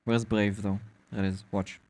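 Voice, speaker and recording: A male VTuber streamer chatting casually with his viewers, animated, laughing often and swearing freely. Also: fairly low pitch, moderate pace, no room sound. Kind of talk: casual live-stream chat.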